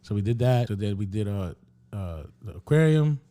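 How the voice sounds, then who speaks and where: A man's voice: fairly low pitch, expressive, moderate pace, dark tone. A man co-hosting a podcast, telling a rambling travel story in casual chat, swearing a lot and acting out what people said. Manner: rambling storyteller, heavy swearing, acts out dialogue.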